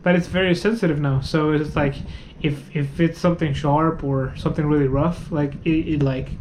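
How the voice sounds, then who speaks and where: A man with a high, light voice tells a long story on a casual podcast. He rambles and swears freely, restarting sentences and leaning on fillers. A faint hiss of noise sits under his voice. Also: fairly even intonation, normal speed, darkish tone, low-quality recording. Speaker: podcast co-host. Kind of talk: casual chat.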